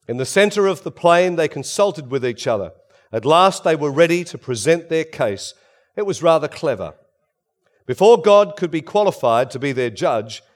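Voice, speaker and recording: A man preaching a sermon, swinging between loud emphasis and hushed, quiet passages. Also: a little high.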